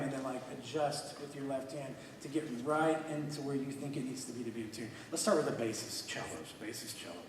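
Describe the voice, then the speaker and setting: A man coaching a student orchestra, energetic and encouraging, with quick bursts of praise. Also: fairly high pitch, a little hiss or hum. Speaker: orchestra clinician. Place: large hall with an orchestra. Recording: echoey hall from far off, orchestra music.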